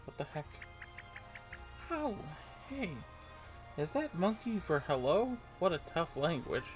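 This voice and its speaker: A man's voice: fairly high pitch, sing-song, slow pace, soft background music. A man playing a video game and commenting casually, playfully reading the game's lines aloud in silly voices. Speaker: let's play gamer. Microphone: desk microphone at a computer.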